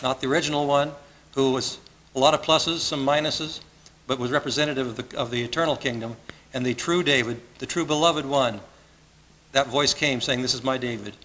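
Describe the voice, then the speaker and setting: A man's voice: medium pitch, steady tone, fairly quick, a bit bright, poor audio. A man preaching a sermon as pastor, earnest and conversational, often repeating his phrases. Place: church sanctuary.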